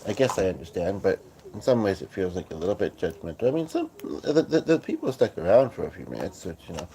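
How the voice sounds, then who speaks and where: A man hosting a casual livestream from his couch, talking in a groggy morning voice with many halting fillers and restarts. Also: low-pitched, very animated, gravelly, mellow. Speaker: livestream host. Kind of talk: casual rambling livestream chat. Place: at home on a couch.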